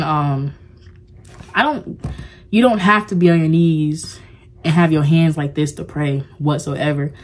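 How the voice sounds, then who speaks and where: A young woman speaks to her camera in a loose, confessional vlog. Her voice sits low for a woman. She rambles warmly, circling back with filler words as she opens up. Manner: rambling and heartfelt, heavy use of "like". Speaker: vlogger. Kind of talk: casual confessional vlog talk.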